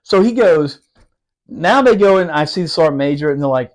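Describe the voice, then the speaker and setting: Profane storytelling man with a higher voice. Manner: profane, animated, laughing, fast asides. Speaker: podcast guest telling a story. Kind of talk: casual storytelling.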